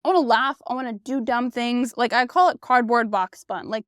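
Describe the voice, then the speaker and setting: A young woman hosting a casual podcast about dating, chatty and animated, full of fillers and swearing. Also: fairly high pitch, normal speed, smooth, no echo, clean studio sound. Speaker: podcast host. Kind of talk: casual solo dating chat.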